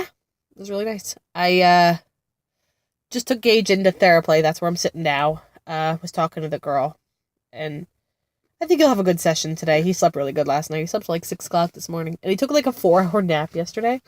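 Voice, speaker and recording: A congested, sick-sounding woman in her thirties, a vlogger and mother of two, chats casually while sitting in a car-like space outside a therapy center. Her voice is low-pitched and animated at normal speed, and she rambles, laughs, pauses often, and uses many fillers. The recording is dry and close, with no room sound.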